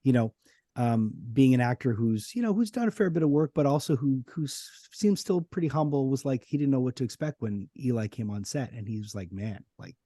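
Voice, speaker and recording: A man's voice: mid-range voice, animated, brisk, mellow, no echo, clean studio sound. A man from the Montreal area hosting a podcast interview, talking casually with lots of fillers and restarts. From Montreal area, Canada. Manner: rambling, hesitant, many fillers. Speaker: podcast host.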